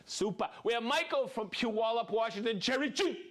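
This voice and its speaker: A man hosts a live show and calls out viewers one after another, whooping and joking as he goes. His voice sits high and swings widely in pitch. The delivery is exuberant and playful throughout. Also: lively intonation, normal speed, fairly bright tone. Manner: exuberant, playful, whoops and jokes between names. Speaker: host of a live product show. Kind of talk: live-stream viewer shout-outs.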